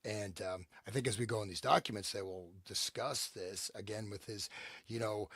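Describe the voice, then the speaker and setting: A man's voice: fairly low pitch, fairly even intonation, a bit bright, breathy edge, no echo, clean studio sound. A man co-hosting a podcast, joking with his friends and reading an old letter aloud. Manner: joking, laughs often, reads aloud with pauses. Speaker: podcast co-host. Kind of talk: casual podcast chat and reading a document aloud.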